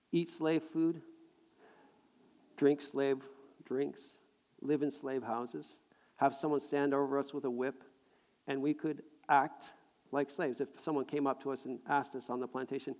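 A middle-aged man preaching a sermon to a live congregation, animated and jokey, repeating words as he builds a point. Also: a little high. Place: large hall with audience. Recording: long hall reverb.

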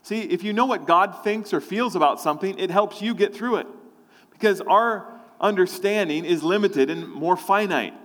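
A man's voice: sits high, moderate pace, a bit bright. Preacher man with a ringing echo. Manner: storytelling, acts out his own inner voices. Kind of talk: sermon.

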